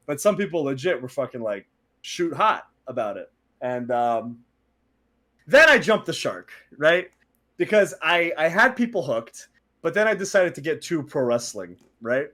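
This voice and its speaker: Man, live stream chat, animated storytelling, slightly high voice. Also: normal speed. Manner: animated storyteller, acts out quotes, laughs mid-story.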